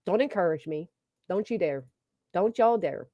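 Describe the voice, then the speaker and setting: A woman's voice: lowish voice, expressive, normal speed, dark tone, no room sound, lo-fi sound. A woman giving casual reaction commentary on a stream, mocking and sarcastic, swearing freely.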